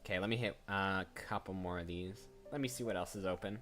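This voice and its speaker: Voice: sits low, fast talker, fairly bright tone, soft background music. A voice actor chatting casually while browsing job listings, rambling and often cutting themself off. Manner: chatty, rambling, self-interrupting. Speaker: voice actor streaming job applications. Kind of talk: casual chat.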